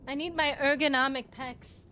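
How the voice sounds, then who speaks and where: A woman's voice: high voice, fairly even intonation, moderate pace, sharp tone, slight background noise. A woman livestreaming a video game, chatting with her viewers in a giggly, rambling and playful way, teasing them and her partner. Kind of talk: casual gaming livestream chat.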